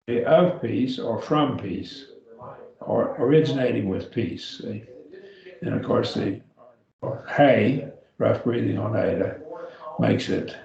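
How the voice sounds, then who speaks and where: A man teaching a beginning Greek grammar class, patient and slow, sounding words out syllable by syllable for his students. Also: mid-range voice, creaky, a little mellow, reverberant, dull audio. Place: church classroom.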